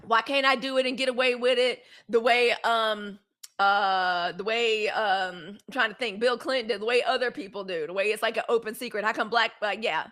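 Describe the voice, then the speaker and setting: A woman's voice: on the high side, moderate pace, a bit bright. A woman hosting a live news commentary show, talking in a fiery, emphatic way with repeated phrases. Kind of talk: impassioned livestream commentary.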